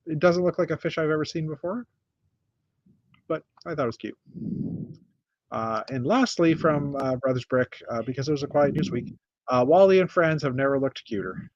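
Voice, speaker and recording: A middle-aged man from North America hosting a casual chat, rambling through a list with many pauses and restarts. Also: on the high side, expressive, no room sound, lo-fi sound. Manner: rambling, lots of uh and restarts, shows builds one by one. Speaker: podcast host.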